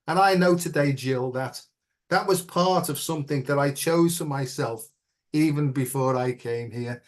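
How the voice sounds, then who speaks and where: A man's voice: mid-range voice, moderate pace. A middle-aged man as an interview guest, telling a personal story in an earnest, reflective way and often checking in with "right?".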